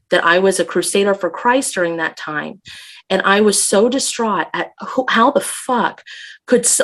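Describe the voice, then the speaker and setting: A woman's voice: medium pitch, a bit bright. A woman talking as a guest on a casual podcast, intense and emphatic, swearing freely.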